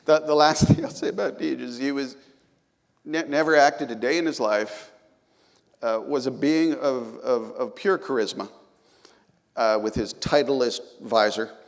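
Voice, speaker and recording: A man's voice: mid-range voice, a little slow, gravelly. Rambling male panelist in a hall. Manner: rambling storyteller, laughs often. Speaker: panelist, series creator. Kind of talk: casual panel talk. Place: large hall. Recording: live hall with long reverb.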